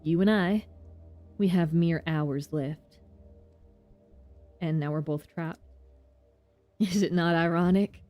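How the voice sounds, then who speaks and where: A stern older town governor speaks in a gruff Southern US drawl, put on by a woman, sardonic and heavy. His voice sits fairly low. Faint game music plays underneath. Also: takes it slowly, pauses often, darkish tone.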